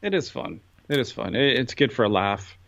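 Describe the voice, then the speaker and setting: A man chatting casually on a podcast in a relaxed, bro-ish way, with filler words like "uh" and "dude". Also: medium pitch, normal speed, vocal fry, muffled recording. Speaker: podcast co-host.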